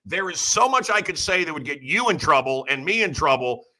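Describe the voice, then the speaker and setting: A man's voice: on the high side, expressive, fairly quick, pushed and bright. A middle-aged man hosting a show, rambling through opinionated stories and acting out the voices of people he quotes. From Chicago area. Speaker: radio host. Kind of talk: casual opinionated monologue.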